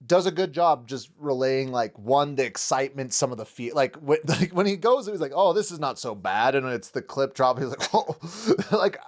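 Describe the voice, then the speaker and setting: A man's voice: medium pitch, lively intonation, normal speed, few pauses. A man co-hosting a casual film discussion podcast, enthusiastic, laughing often and acting out quotes. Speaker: podcast co-host.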